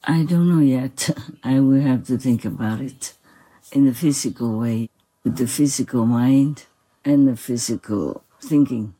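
In a devotional spoken dialogue, a humble, reverent spiritual teacher talks softly, with gentle laughs and a voice that sounds a little strained. His pitch is mid-range, his pace a little slow, and the audio quality is poor.

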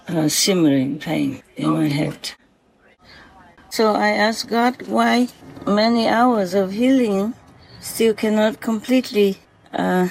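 A speaker talking gently and affectionately in a spoken diary, soft-spoken and unhurried. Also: medium pitch, creaky, poor audio.

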